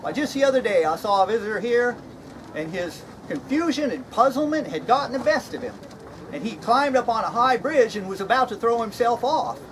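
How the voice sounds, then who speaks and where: A man with an extremely high, slightly bright voice talks a little fast and animatedly as a jovial, folksy, slightly crazed Straw Hatter. He chuckles at his own jokes in a jokey comedy skit at an outdoor reenactment, with crowd noise around him.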